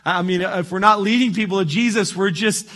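High, bright-voiced man preaching. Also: a little fast. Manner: conversational preaching, frequent "right?" asides and restarts. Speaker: pastor. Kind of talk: sermon.

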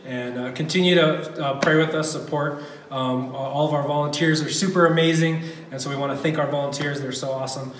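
A man's voice: on the high side, steady tone, fairly quick, noisy background. Male campus pastor, casual and eager, lots of ums, heard from afar in a reverberant hall. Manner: casual, enthusiastic, many fillers. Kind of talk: church report. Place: church hall. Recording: echoey room from a distance.

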